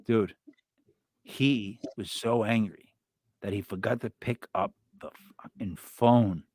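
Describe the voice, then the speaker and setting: A man's voice: on the low side, slow, husky, no echo. Rambling man host, dry close sound. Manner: rambling storyteller with many restarts, bursts into loud yells. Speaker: livestream host. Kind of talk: casual chat on a live stream.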